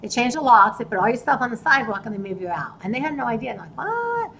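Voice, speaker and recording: A woman with a fairly high voice tells a real estate story in a loose, chatty way. She is animated and replays her side of conversations with sellers. Her delivery is casual and direct. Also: rapid-fire, creaky, a little hiss or hum, poor audio. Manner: animated, retells conversations in dialogue.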